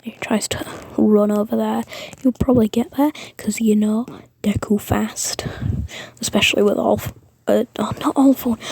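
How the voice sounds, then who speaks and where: A woman's voice: medium pitch, steady tone, normal speed, creaky, mellow, husky, no echo. A woman whispering a rambling fan-fiction story, with many fillers and self-corrections. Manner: mostly whispered.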